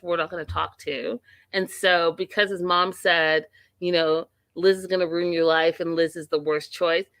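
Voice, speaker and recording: A woman hosting a live TV recap stream, giving blunt opinions and reading viewer comments aloud in a casual, animated way. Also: mid-range voice, no room sound. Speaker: host of a live TV recap show.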